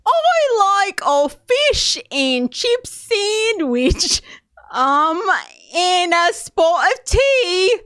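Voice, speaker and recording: A woman putting on a loud, clumsy British accent, over-enunciating every word. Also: extremely high pitch, very animated, drawn-out words, few pauses, no room sound, clean studio sound, voice pushed up, heavily acted. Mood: overblown.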